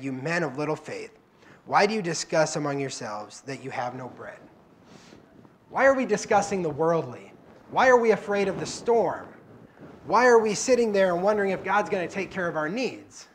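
A man's voice: fairly high pitch, slight background noise. Conversational man preaching a sermon. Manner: conversational, acts out quoted prayers and dialogue. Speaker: guest preacher. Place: church.

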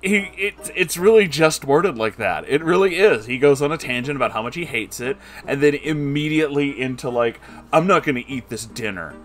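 A man's voice: a little high, animated, normal speed, few pauses, soft background music. Sarcastic man mocking a book. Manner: sarcastic, profane and exasperated. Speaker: book reading commentator. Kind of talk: comedic book commentary.

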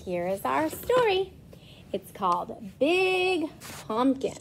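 A woman's voice: high-pitched, gravelly, slight background noise. A woman reading a picture book aloud to young children as a preschool teacher, asking them questions as she goes. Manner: slow, lively storytelling, asking children questions.

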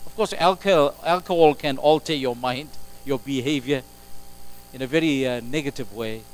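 A man preaching a sermon as pastor, emphatic, moving between loud exclamations and quiet asides. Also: medium pitch, low-quality recording. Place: church sanctuary. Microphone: live stream recording.

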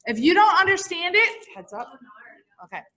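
A middle-aged female teacher with a high, bright voice lectures her class at a moderate pace. She moves around the room, tells stories with bouncy, lively energy, and keeps quizzing the students with questions.

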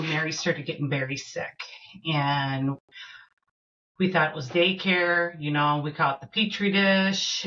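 A middle-aged woman from Minnesota telling a personal story as a podcast guest, earnest and halting with fillers and restarts. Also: low voice, fairly bright tone, muffled recording.

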